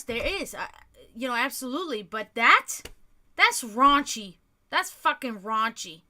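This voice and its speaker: Woman, bright sharp tone, profane ranting, casual stream talk, from Europe. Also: high-pitched. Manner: profane, heated, fast ranting. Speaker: livestream host. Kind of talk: casual livestream rant.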